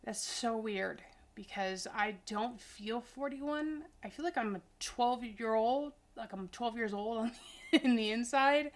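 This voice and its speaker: A woman's voice: fairly high pitch, a little slow. Tired, chatty woman in her forties. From Idaho, US. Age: 40s. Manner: rambling, chatty and goofy. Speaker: vlogger. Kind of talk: casual chat.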